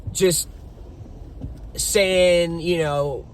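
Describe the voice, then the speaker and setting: Profane, emphatic young man with a high voice. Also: extremely slow, slight background noise. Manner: profane, emphatic, animated retelling. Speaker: business owner telling his story. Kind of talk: casual storytelling to camera.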